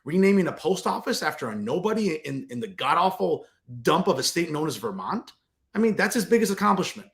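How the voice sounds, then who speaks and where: Sarcastic, combative political commentary host. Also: male voice, on the high side, sing-song, a little fast, fairly bright tone. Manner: combative, sarcastic, addresses viewers as "folks".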